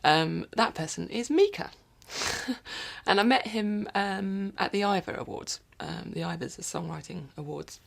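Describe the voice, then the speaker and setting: A woman's voice: medium pitch, lively intonation, unhurried, vocal fry. A woman musician rambling casually in a video diary from her recording studio, often dropping into whispered asides.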